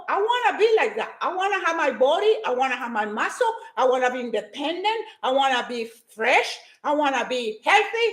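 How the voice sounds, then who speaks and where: A woman's voice: high voice, fairly bright tone, roomy sound. Hyper, emphatic woman giving a pep talk. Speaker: motivational speaker on a live stream. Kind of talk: energetic motivational talk to viewers.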